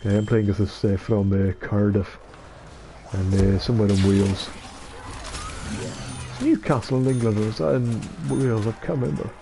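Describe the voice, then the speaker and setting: Rambling young Scottish man, low dopey voice. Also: fairly even intonation, normal speed, vocal fry, long pauses, warm tone. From Scotland. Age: young adult, about 19. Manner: rambling, self-deprecating, stumbling over words. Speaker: gaming streamer. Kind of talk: casual late-night gaming chat. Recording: noisy game audio behind.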